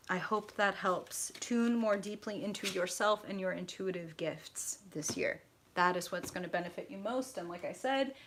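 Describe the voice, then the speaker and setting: A woman's voice: fairly low pitch, noisy background. A woman hosting a live tarot reading, effusive and profane, chatting directly to her viewers.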